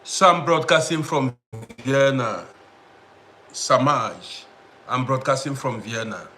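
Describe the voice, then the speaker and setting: A man's voice: mid-range voice, takes it slowly, sharp tone, slight background noise. A man hosting a casual live stream, greeting viewers by name and repeating himself as he talks to the audience. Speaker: livestream host.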